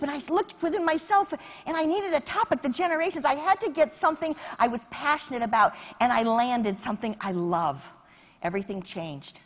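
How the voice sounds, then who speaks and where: A woman speaking from a conference stage with a high voice. Her pitch leaps and swoops as she tells stories with lots of energy. She acts out phone calls and rallies the audience. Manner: energetic, animated, acts out quotes. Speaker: motivational keynote speaker. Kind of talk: keynote speech with storytelling.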